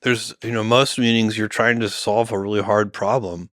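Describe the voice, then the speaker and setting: A middle-aged man talking in a relaxed podcast conversation, measured and thinking aloud with many fillers and restarts. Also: lowish voice, dry recording, studio quality. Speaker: guest, company founder.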